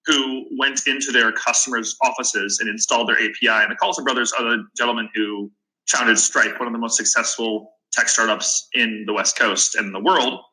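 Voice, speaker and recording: A man's voice: mid-range voice, fairly even intonation, fairly quick, bright, forceful tone, low-quality recording. A man in his twenties, a podcast guest and startup founder, giving earnest advice in a casual interview, often restarting his sentences. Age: 20s.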